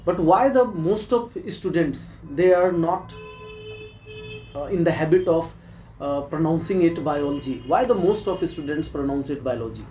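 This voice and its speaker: A man from Bihar speaks with an Indian accent as he conducts a mock job interview and presses the candidate hard. His voice is slightly high and mellow. It carries a noticeable room echo with faint background noise. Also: unhurried. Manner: probing, challenging questions.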